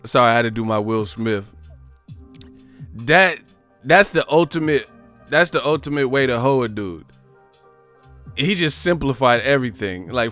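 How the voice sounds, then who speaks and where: A man's voice: mid-range voice, animated, normal speed, long pauses, fairly bright tone, faint music behind. A man hosting a live boxing stream, chatting casually in slang, swearing and laughing often. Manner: slangy, swearing, laughs a lot, does voices. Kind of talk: casual livestream chat.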